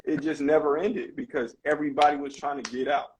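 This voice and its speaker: A man's voice: fairly high pitch, steady tone, brisk, a little hiss or hum, poor audio. A man, a basketball coach and former player, telling his story candidly and animatedly as a podcast guest, with casual slang. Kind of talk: conversational storytelling in a podcast interview.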